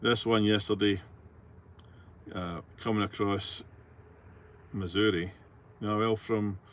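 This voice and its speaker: A middle-aged man with a Scottish accent drives his truck while chatting casually, his lowish, somewhat bright voice slow and fairly even in intonation. He reads viewer messages aloud in a rambling, easygoing way packed with fillers, with slight background noise in the cab.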